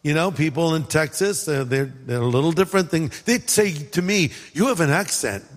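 A pastor from California preaches in a high-pitched male voice, loose and conversational, dropping playful asides between points. His voice rings out with a long reverb, as in a large church auditorium. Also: moderate pace. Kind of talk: sermon.

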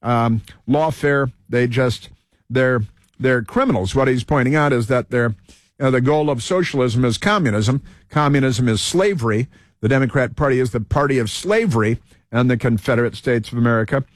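A man's voice: medium pitch, normal speed, dry recording, studio quality. A man hosting a talk show, rambling through an opinion monologue with many fillers and restarts. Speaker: radio talk show host.

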